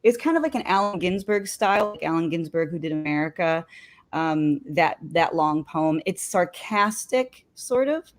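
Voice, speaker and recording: Lower-voiced woman chatting animatedly. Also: normal speed. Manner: animated, frequent "like" fillers. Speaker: co-host. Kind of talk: casual live discussion.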